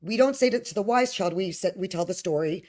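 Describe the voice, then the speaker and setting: A woman's voice: medium pitch, lively intonation, a little fast, darkish tone. A woman from the United States, a guest scholar in a discussion, who talks discursively and asks rhetorical questions. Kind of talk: conversational discussion.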